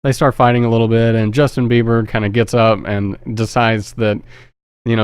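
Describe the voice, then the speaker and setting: A man's voice: medium pitch, level tone, normal speed, clean tone, no echo. A man retelling a movie plot in a rambling, profane, joking way. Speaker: movie reviewer. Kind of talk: casual film synopsis.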